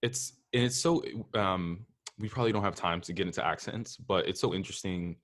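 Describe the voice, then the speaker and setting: A male podcast host with a fairly low voice asks his questions in casual interview talk. He speaks haltingly, restarting his sentences and leaning on "like" often. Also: fairly bright tone. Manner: halting, many fillers and restarts, uses "like" a lot.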